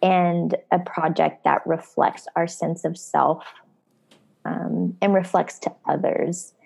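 A woman in her twenties or thirties who talks very slowly, with a gravelly fry in her lower voice. She coaches runners and hosts the chat, thinking aloud and softly repeating her words. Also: little pitch movement. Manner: slow, reflective, repeats phrases softly. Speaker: running coach and podcast host. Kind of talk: casual conversation.

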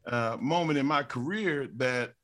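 An animated middle-aged man swaps wrestling stories on a podcast, his voice rising and falling as he acts out what people said. He talks loosely and warmly with his co-hosts, often laughing as he goes. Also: medium pitch, unhurried. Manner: animated storyteller, acts out quotes with stammers and laughs. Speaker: podcast co-host, former wrestler. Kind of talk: casual storytelling.

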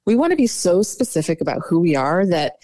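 A woman dating coach talking casually in a podcast interview, chatty and quick to say "like" and "you know.". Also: on the low side, very animated, dark tone, no room sound.

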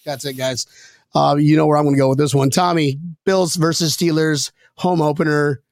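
A man's voice: on the high side, fairly even intonation, fairly quick, vocal fry, dry recording, clean studio sound. A man from Minnesota hosting a casual sports talk show, playful and rambling, laughing often. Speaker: show host.

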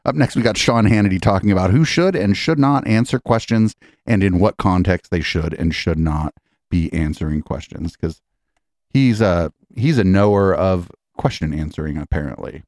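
Low-pitched and expressive with a slightly mellow quality, this podcast host talks at normal speed. He mocks political clips with incredulous, profane sarcasm. The sound is dry and studio-clean.

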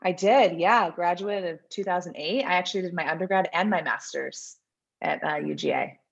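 A woman's voice: fairly low pitch, normal speed, vocal fry, slightly rough, lo-fi sound. A woman in her thirties chatting easily as a podcast guest, laughing often and poking fun at herself. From American South. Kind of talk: casual interview chat.

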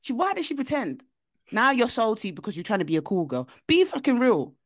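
A young woman co-hosting a podcast, telling stories with animated, playful energy. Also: a little high, brisk, dry recording, clean studio sound. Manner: animated storytelling, jumps into voices. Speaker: podcast co-host. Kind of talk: casual chat.

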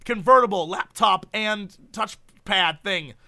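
A young man in casual comedic chat with a friend, animated and jokey, rambling with restarts. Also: high-pitched, slow pace, vocal fry. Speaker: co-host.

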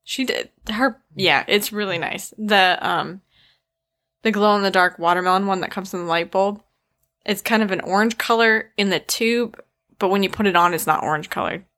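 A woman's voice: mid-range voice, normal speed. Chatty woman podcast host. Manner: chatty, laughs often, reads out shout-outs. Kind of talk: casual podcast chat.

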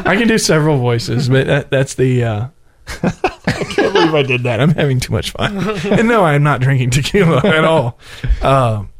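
A man's voice: mid-range voice, sing-song, normal speed, slight background noise. A man co-hosting a radio show in casual banter, laughing often and poking fun at himself. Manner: giggly, self-mocking, laughs often.

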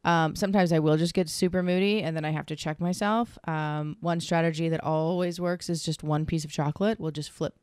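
Chatty woman, low voice, dry sound. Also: a little fast, hardly any pauses, smooth, dry recording. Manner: chatty, laughs often, quotes others in lively voices. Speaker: massage and craniosacral therapist. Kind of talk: casual chat, answering a questionnaire together.

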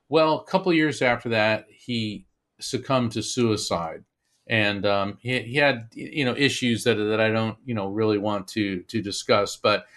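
A man's voice: medium pitch, a bit bright. A man, a medium and author, telling an earnest personal story as an interview guest, with many restarts. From Florida.

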